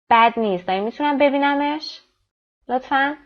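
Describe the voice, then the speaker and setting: Woman, English teacher, slow careful reading, quick explanations, dull lo-fi recording. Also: medium pitch, expressive. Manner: reads English lines slowly, explains quickly. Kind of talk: textbook lesson explained in Persian.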